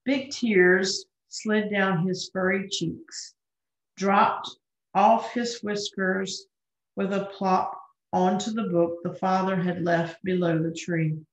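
A woman reading a children's story aloud with gentle expression. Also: mid-range voice. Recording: roomy, dull lo-fi recording.

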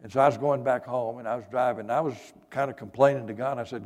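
Folksy pastor in an echoing hall. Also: male voice, medium pitch, steady tone, fast, hardly any pauses, a little mellow. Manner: folksy, earnest, many fillers. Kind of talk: storytelling sermon. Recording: long hall reverb.

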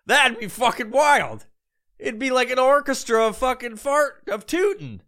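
A man's voice: very high voice, sing-song, a little slow, bright, forceful tone. A young man hosting a podcast, ranting comedically with heavy profanity and exasperation. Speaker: podcast host. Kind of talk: comedic rant.

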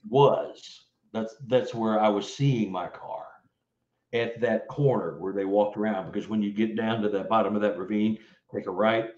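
A middle-aged man from Texas, telling a story as an interview guest, acting out quoted lines with big jumps in pitch and often repeating words. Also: darkish tone. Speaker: interview guest, field investigator. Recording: roomy, slightly dull audio.

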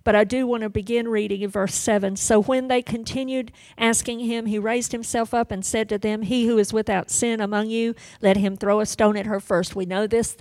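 A woman preaching a sermon with passion, rising to loud pleas and dropping to hushed whispers as she retells a scripture story. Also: a little high, fairly even intonation, moderate pace, few pauses, dry recording.

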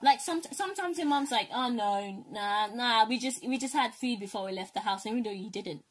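A young woman co-hosting a casual chat, telling animated stories and slipping into impressions of her parents. Her voice sits a little high and sounds husky. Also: moderate pace. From African family, raised in Britain. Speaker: co-host.

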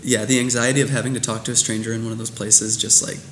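A man chats as a podcast guest in a mid-pitched voice, easygoing and a little self-deprecating. Clear noise hangs in the room around him. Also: little pitch movement, fast talker, a bit bright, reverberant. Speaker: guest, photographer and filmmaker. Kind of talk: casual interview chat.

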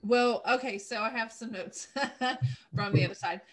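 A woman's voice: fairly high pitch, moderate pace, a bit bright. A woman hosting a conversation, responding with enthusiasm to her guest. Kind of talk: conversational interview.

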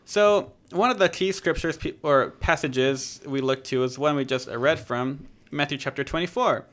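A man hosts a podcast where he chats about scripture in a casual, joking way, correcting himself along the way. His voice is a little high and a bit bright, at a normal speed.

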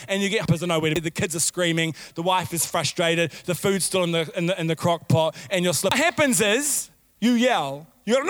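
Animated high-voiced male preacher. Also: fairly quick, no room sound. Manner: animated preaching with shouted outbursts and repetition. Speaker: pastor. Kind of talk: sermon.

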